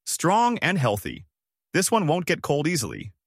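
A man's voice: medium pitch, big pitch swings, a little fast, fairly bright tone, dry recording, clean studio sound. A man voicing an old male street seller of puppies, speaking in a plain, matter-of-fact way.

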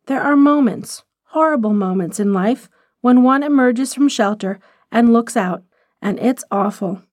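A woman reads a short story aloud in scripted narration, measured and expressive in her delivery. Her voice sits fairly high. The recording is dry and close. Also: no room sound.

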